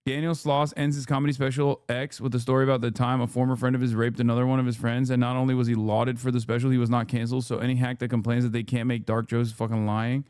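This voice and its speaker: A man's voice: mid-range voice, flat delivery, fast talker, few pauses, darkish tone, clear, resonant tone, no room sound, studio quality. Profane, emphatic man ranting on stream. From United States. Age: 30s. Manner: emphatic, profane, repeats himself for stress. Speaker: streamer and political commentator. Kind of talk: casual ranting commentary.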